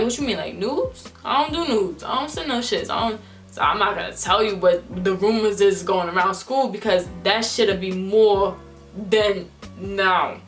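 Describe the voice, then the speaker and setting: A young woman vlogger telling a storytime in casual slang, acting out the people she quotes. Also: mid-range voice. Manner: animated, slangy, acts out quotes in different voices. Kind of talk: storytime vlog.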